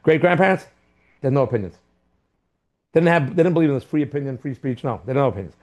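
A rapid-fire man lecturing a Torah class with a mid-range voice. He hammers points with rhetorical questions and repeated words. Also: medium pitch, lively intonation, a little mellow. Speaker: teacher.

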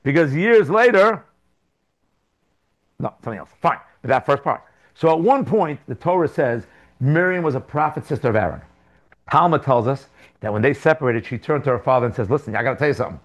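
A man leads a casual Talmud class, telling stories with quick asides and jumping between points. His voice sits a little higher than most men's. He talks to students in a classroom. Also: dull audio. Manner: animated storytelling with asides. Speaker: Torah teacher.

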